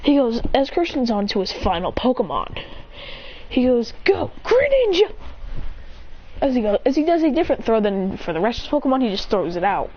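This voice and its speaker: Woman storyteller, high lively voice, rambling eager retelling; dull lo-fi recording with faint hiss. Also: fast. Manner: eager, rambling narration strung together with "as he goes". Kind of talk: casual spoken retelling of a battle story.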